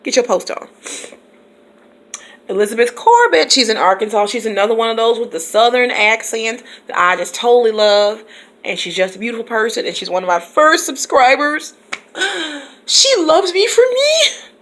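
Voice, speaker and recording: A woman teacher talks straight to her subscribers in a relaxed vlog. She is chatty, laughs easily between thoughts, and calls out her viewers by name as she goes. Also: a little high, normal speed. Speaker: teacher and YouTube vlogger. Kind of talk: casual vlog chat to subscribers.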